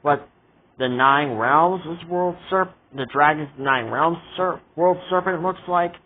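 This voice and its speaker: A man's voice: on the high side, takes it slowly. A man in a casual vlog rant, exasperated and indignant as he complains about a show. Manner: exasperated, indignant ranting with repeated asides. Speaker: vlogger reviewing a show. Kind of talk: casual ranting commentary. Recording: tinny phone-like audio.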